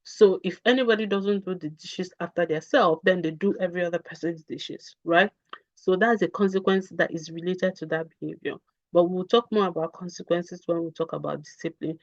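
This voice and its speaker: A woman's voice: lowish voice, steady tone, a little fast, no echo, muffled recording. A woman giving a parenting talk on a video call, earnest and repetitive, with many fillers. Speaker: parenting coach. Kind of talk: live online talk with Q&A.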